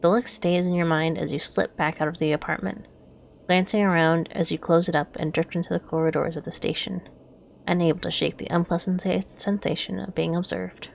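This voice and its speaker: A woman softly narrating a story game aloud, slow and soft-spoken. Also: lowish voice, steady tone, vocal fry, slight background noise. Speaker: game streamer reading aloud. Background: faint music.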